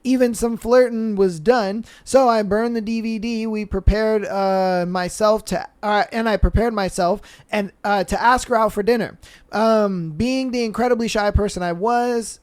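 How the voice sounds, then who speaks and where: High-pitched and clean-toned, this young podcast host reads out listener stories and shoots the breeze, relaxed and slangy, leaning constantly on fillers such as "bro" and "you know."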